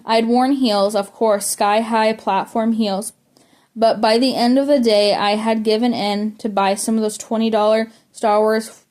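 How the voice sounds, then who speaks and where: A woman's voice: on the high side, fairly even intonation, unhurried, darkish tone. A woman reading a memoir aloud, now and then tripping over words and starting them again. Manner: stumbles and restarts words while reading. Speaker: audiobook reader.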